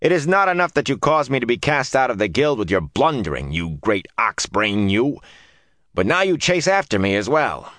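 A man's voice: mid-range voice, big pitch swings, normal speed, dry recording, studio quality, pitched above the performer's own voice, lightly acted. A man voicing a fierce outcast woman with an odd foreign way of speaking, scolding and scornful. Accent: odd foreign-sounding speech.

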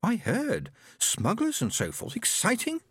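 A bubbly young sister with a high, sing-song voice that swoops all over the place, as a male narrator puts her on. The reading is close and dry, with no room sound. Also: wildly swooping pitch, measured pace, a bit bright, husky, dry recording, heavily acted. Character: young woman, the hero's lively sister. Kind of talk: audiobook character voice.

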